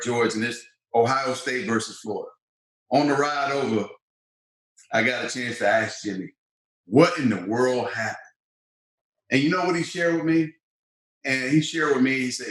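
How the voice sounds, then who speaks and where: Guy in his 50s telling old game stories, acts out the voices, echoey room. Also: medium pitch. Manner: animated storyteller, acts out quoted voices. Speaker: former football player, guest. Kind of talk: storytelling interview. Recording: roomy echo.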